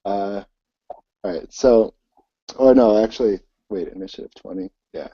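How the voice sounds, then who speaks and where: A man narrating as game master for a tabletop game, talking in a halting way with many ums and restarts. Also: fairly low pitch, dry recording, dull audio.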